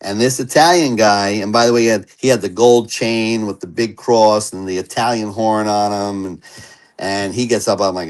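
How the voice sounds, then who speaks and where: A man who is an interview guest, telling his personal recovery story in an earnest and animated way. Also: lowish voice, moderate pace, poor audio.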